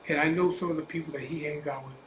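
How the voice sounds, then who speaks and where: A man with a fairly high, fairly bright voice talks very fast with fairly even intonation. As a biker vlogger, he tells a personal story casually, bluntly, and profanely, with plenty of emphasis, in an echoey room with faint ambient noise.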